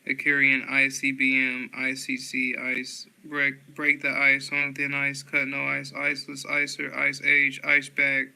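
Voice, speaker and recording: A man with a drawl reads a dictionary word by word in a steady rhythm. His voice is bright and crisp, with a gravelly edge. He trips over the tricky words and starts them again. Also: medium pitch, a little slow, few pauses, poor audio. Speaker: host reading a dictionary aloud. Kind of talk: rapid word-list reading.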